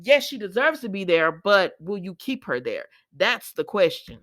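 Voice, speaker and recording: A woman's voice: medium pitch, big pitch swings, moderate pace, a bit bright. A young woman chatting casually to her viewers, paraphrasing and talking straight to them as she recaps a soap episode. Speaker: soap opera recap host.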